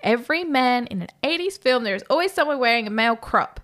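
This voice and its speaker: A woman's voice: a little high, lively intonation, fast, a bit bright. A woman co-hosting a casual film review podcast, enthusiastic and giggly, recapping scenes and acting out the characters' lines. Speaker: podcast co-host.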